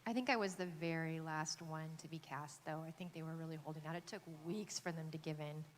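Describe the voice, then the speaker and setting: A woman's voice: sits low, brisk. A woman from Texas, an actress on a convention panel, telling a casual anecdote with many fillers, restarts and laughs. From Texas, USA. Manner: hesitant, lots of fillers and restarts, laughs often. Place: large convention hall panel. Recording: echoey convention hall, faint noise.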